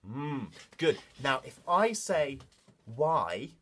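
A man's voice: mid-range voice, big pitch swings, moderate pace, slight background noise. A man presenting a children's music lesson, talking straight to the young class in a playful, encouraging way.

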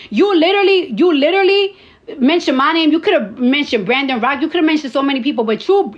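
A woman in her early thirties talks straight into her phone on a livestream. Her voice sits high. She is blunt and profane and hammers her points by saying them again and again. The audio is a little dull and lo-fi. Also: fairly bright tone. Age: 30s. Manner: blunt, profane, repeats lines for emphasis. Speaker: social media personality. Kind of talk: casual livestream rant.

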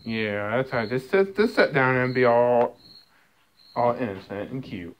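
A man's voice: medium pitch, animated, unhurried. A man chats to his pets at home in a loose, unscripted way. He scolds and teases them, stammering and repeating words as he restarts his sentences. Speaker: cat owner talking to his cats. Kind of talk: casual talk to pets.

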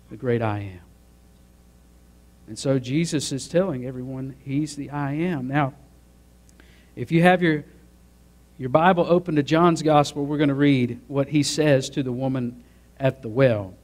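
Speaking unhurriedly with long pauses, a man with a mid-range voice preaches as a pastor. His sermon rises through emphatic build-ups, and he asks the congregation to join in.

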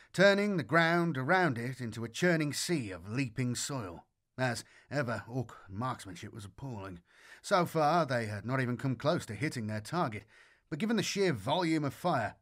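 A man giving a measured, scripted audiobook narration of a war story. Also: mid-range voice.

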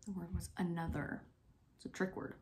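Speaking on the low side with a flat but warm delivery, a young female teacher leads a recorded spelling lesson for little pupils. She slowly spells out each word letter by letter and offers them encouragement.

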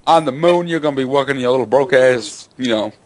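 A man making a prank phone call, bragging absurdly and mock-threatening in a deliberately ridiculous way. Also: medium pitch, slight background noise. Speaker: prank caller.

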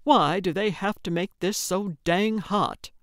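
Woman reads grumpy old man, dry grumbler, slow, crisp and dry. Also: mid-range voice, fairly bright tone, no echo, close to an everyday voice. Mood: grumbling. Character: grumpy older man, gruff and complaining.

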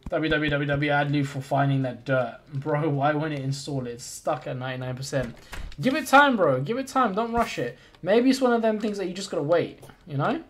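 A man's voice: on the high side, animated, fairly quick, fairly bright tone. A man live-streaming a game in casual chat, thinking aloud and greeting and thanking viewers as he plays.

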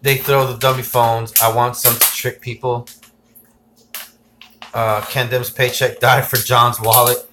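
A man hosting a casual tech livestream. He rambles excitedly, reads viewer comments aloud and gives shout-outs. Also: mid-range voice, a little slow, background noise.

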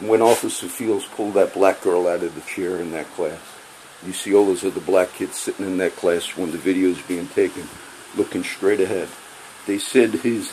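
Angry low-voiced man ranting. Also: darkish tone, a little hiss or hum, low-quality recording. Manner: heated, profane, repeating himself. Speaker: vlogger. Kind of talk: angry personal rant to camera.

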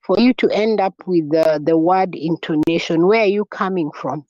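A woman's voice: lowish voice, moderate pace, a little mellow, no echo. A woman teaching a French class, repeating key words, spelling them out and quizzing her students. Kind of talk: classroom lesson. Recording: dull lo-fi recording.

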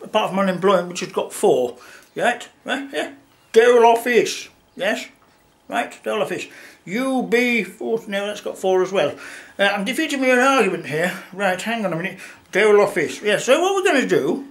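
A man with an English accent playing a grumbling older male politician who rambles through a sarcastic comic rant in an empty room. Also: sits high. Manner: moaning, rambling rant with mock-official asides. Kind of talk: comic character monologue.

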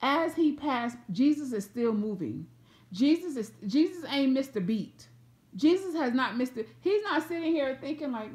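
A woman from Atlanta, USA, with a Southern accent preaches an informal prophetic word to camera in a high-pitched voice at normal speed. She's animated, repeats phrases, and acts out the voices of the people in her story.

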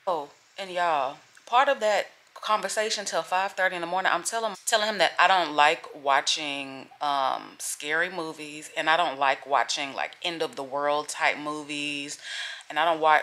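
A chatty woman in her thirties talks to her camera at home, her voice bright and forward. She rambles from thought to thought, swears without a second thought and keeps calling her viewers "y'all". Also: deep voice. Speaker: vlogger. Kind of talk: casual chat to camera.

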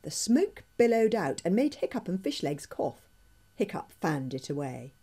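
A woman reads her own children's book aloud, dramatic and expressive. Her voice is fairly low, husky and mellow, swooping widely in pitch as she builds each moment. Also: normal speed. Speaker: author reading her book. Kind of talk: reading aloud a children's story.

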